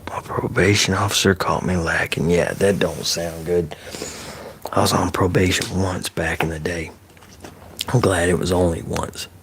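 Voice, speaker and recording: Male ASMR streamer, very low voice, soft-spoken and close to the mic, easygoing live chat. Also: fairly even intonation, moderate pace, creaky, a little hiss or hum. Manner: soft-spoken, drifting into whispers, loose and profane.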